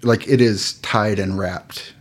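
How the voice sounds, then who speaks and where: Low-voiced man narrating as game master. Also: slow. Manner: relaxed, hesitant, full of fillers.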